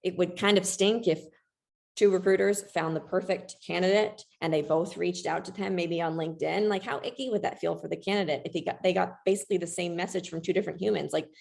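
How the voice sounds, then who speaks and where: Woman, webinar presenter, low-pitched, a bit of vocal fry, casual and upbeat. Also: fast, darkish tone. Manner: chatty, frequent "like", upbeat.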